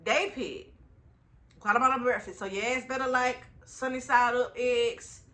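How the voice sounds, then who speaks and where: Bright-voiced woman, slangy vlog storyteller. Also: on the high side, moderate pace. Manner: slangy, animated, talks straight to viewers. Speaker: travel vlogger. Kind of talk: casual travel vlog storytelling.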